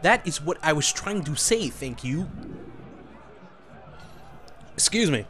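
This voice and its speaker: Speaking slowly with lively intonation, this young man jokes and laughs often over his let's play, dropping crude remarks along the way. The tone is fairly bright and fairly high, and noise can be heard behind him.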